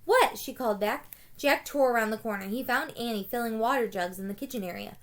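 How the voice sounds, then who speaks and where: A woman with a slightly high voice, reading a children's chapter book aloud for her students. She tells the story in a plain, steady way and now and then goes back to fix a stumbled word. Her voice rises and grows livelier when she reads out the characters' shouts. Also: quick pace.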